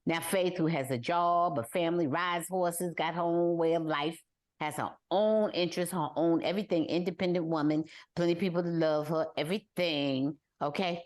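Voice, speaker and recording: An older woman co-hosting a casual podcast chat, talking in an animated way and mimicking people with exaggerated high wails. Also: normal speed. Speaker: podcast co-host.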